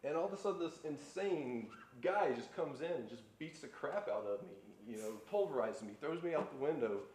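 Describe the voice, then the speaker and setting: Man as male plumber, rushed and excited, live room echo. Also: a little high, a little hiss or hum, pitched above the performer's own voice, lightly acted. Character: male plumber recounting his death, breathless. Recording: roomy live stage sound.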